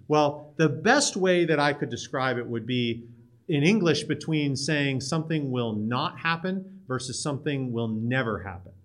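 A man walks through a psalm like a teacher talking to his students, relaxed and conversational. He leans hard on key words for emphasis and trips into quick restarts and asides as he goes. His voice sits at an ordinary pitch for a man. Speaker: Bible teacher. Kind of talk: casual teaching talk on a psalm.

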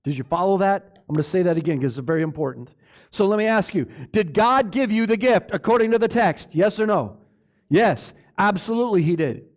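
A man with a high-pitched voice preaches from the pulpit. He delivers his sermon emphatically and keeps turning to the congregation with a questioning "amen?". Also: a little fast. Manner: emphatic, asks the congregation for amens. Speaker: pastor.

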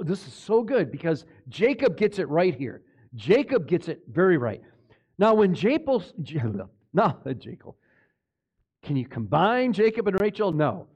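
High-pitched, animated male preacher. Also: husky. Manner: emphatic preaching with rhetorical questions; stumbles and corrects himself. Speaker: pastor. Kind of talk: sermon.

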